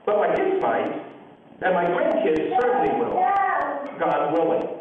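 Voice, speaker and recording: Very old humble villager, gentle and kindly, voiced by a high-pitched man preacher, distant and echoey. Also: wildly swooping pitch, unhurried, a little hiss or hum. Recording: distant echoey church, phone-like sound.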